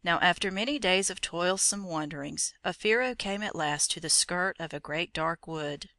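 Measured storybook reader, crisp bright tone, close dry recording. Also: mid-range voice, no room sound. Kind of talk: storybook narration.

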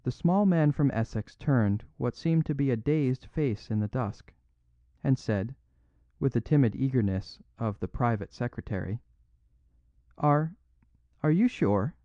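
A man narrating a classic story in a measured, even storytelling voice, in a dry, dull recording. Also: mid-range voice, no echo. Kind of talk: audiobook narration.

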